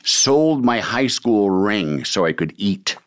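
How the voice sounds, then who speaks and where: A man's voice: fairly low pitch, lively intonation, takes it slowly. A man hosting a casual chat, talking bluntly and swearing freely.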